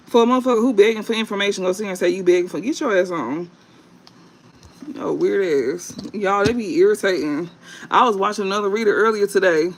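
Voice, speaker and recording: High, gravelly-voiced man ranting profanely. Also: a little hiss or hum. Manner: profane, blunt, scolding; drawn-out fillers and repeated phrases. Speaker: online tarot reader. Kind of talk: late-night livestream rant.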